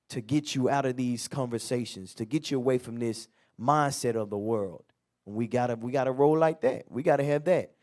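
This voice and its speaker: A man's voice: fairly high pitch, darkish tone. A man leading a Bible class in a loose, conversational preaching manner, acting out everyday quotes. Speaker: teacher. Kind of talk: street-style Bible class teaching.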